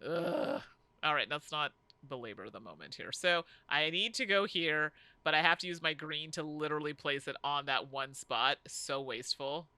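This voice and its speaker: A woman's voice: sits low, normal speed, hardly any pauses, smooth. A woman co-hosting a casual board game playthrough, groaning and joking at herself as her turn goes badly. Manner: animated, groaning and self-deprecating.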